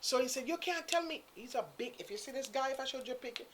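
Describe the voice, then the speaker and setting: A woman's voice: high voice, racing, slight background noise. A woman telling a story in casual chat, acting out the voices of the people in it. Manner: animated, acts out quotes, Caribbean-inflected English. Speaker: guest storyteller.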